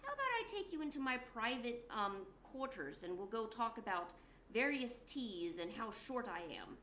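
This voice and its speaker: Bright, over-polite mock-British male gang boss, as a woman puts him on, smarmy and unhurried. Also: a little high, very animated, reverberant, slight background noise. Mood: smooth.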